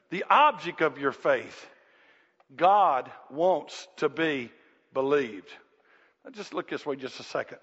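A high-pitched man preaches with animated emphasis, acting out voices and rising to shouts. His voice carries a long reverb through a hall. The recording sounds dull and lo-fi. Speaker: pastor. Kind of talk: sermon. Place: church.

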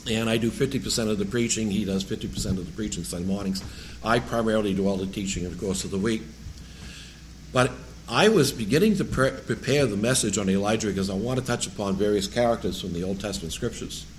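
Speaking fast in a lowish voice with a New England accent, this lay preacher reads a Bible passage in church before drifting into a loose, jokey, rambling sermon. There's a bit of background noise.

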